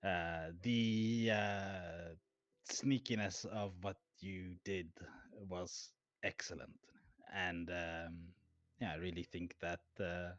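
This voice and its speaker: A man playing in a tabletop role-playing game, animated and swinging from mumbles to loud outbursts. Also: sits low, takes it slowly, dry recording, highs cut off. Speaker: player. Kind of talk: casual chat in a tabletop game.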